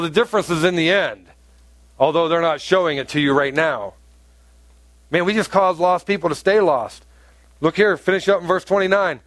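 A man preaching a sermon as pastor, animated and rising to emphatic peaks. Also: on the high side, no room sound.

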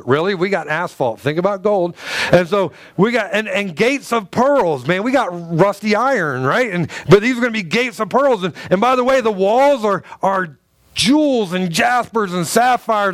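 A man's voice: sits high, normal speed, dry recording. A man preaching to a congregation, telling a funny personal story with lots of restarts and acted-out groans. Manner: animated storyteller, acts out groans and quotes, many restarts. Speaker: pastor. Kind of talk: sermon with humorous personal story. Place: church sanctuary before a live congregation.

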